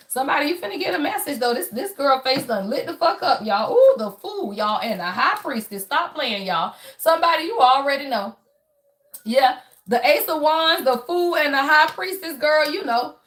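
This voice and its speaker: Woman, tarot reader, high voice, animated, profane. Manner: animated, profane storytelling, constantly addressing viewers as y'all. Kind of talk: casual tarot reading to viewers.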